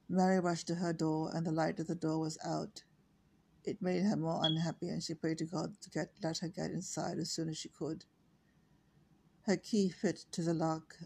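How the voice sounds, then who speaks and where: Woman, 60s, from Ireland. Halting storybook read, dark mellow tone, monotone delivery. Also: low-pitched, creaky, husky. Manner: halting, self-correcting reading. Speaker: storyteller reading her own novel. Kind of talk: slow unpolished reading aloud.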